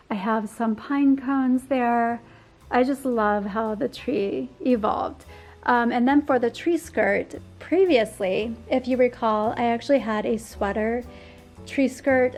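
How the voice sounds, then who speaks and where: A woman's voice: on the high side, darkish tone. Gushing woman giving a home tour. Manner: gushing, enthusiastic, frequent ums and likes. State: slightly losing her voice. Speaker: home decor vlogger. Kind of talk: casual home tour narration.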